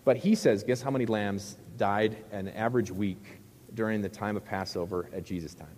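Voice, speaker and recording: A man's voice: on the low side, steady tone, moderate pace, darkish tone, long reverb tail, a little hiss or hum. A middle-aged male pastor preaching a sermon in a conversational, joking way, with rhetorical questions to the crowd.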